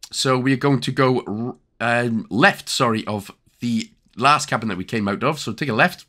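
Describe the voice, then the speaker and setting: A man's voice: mid-range voice, pushed and bright. A young man with a Welsh accent giving chatty, jokey game walkthrough commentary with lots of fillers. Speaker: gaming YouTuber.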